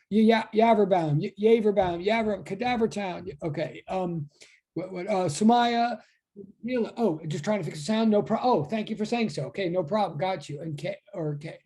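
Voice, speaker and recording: A man's voice: high-pitched, fast, dark tone. A man teaching a physics class over a video call, chatty and self-deprecating, rambling as he greets his students. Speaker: physics instructor. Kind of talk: casual online class.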